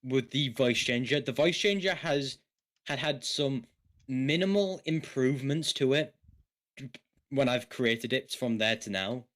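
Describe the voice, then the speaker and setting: A man's voice: mid-range voice, unhurried, a bit bright. A man chatting casually on a stream, hesitant and repeating his words. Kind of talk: casual chat.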